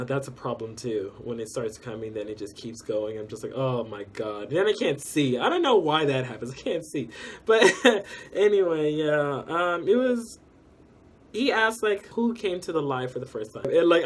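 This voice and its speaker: Rambling young man vlogging. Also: on the high side. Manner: rambling, many fillers and restarts. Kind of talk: casual recap vlog.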